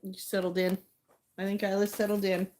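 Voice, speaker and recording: A woman's voice: mid-range voice, little pitch movement, fairly quick, a little mellow, slight background noise. A woman hosting a casual livestream, chatting to viewers and talking sweetly to her dog. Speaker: livestream host.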